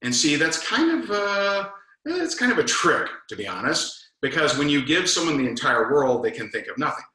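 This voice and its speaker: A man coaching network marketers in a casual talk, animated and acting out both sides of sales conversations. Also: fairly high pitch, normal speed, roomy sound, low-quality recording.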